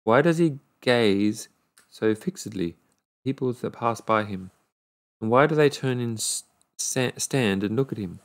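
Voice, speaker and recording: A man reading a fairy tale aloud, unhurried, now and then stumbling and correcting a word. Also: mid-range voice, lively intonation. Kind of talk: read-aloud storybook narration.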